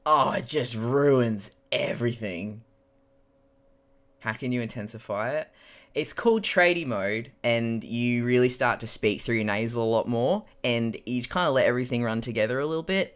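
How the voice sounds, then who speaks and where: A young adult with a mild Australian accent and a medium-pitched voice chats casually on a live stream while drawing, rambling, laughing often, and swearing now and then.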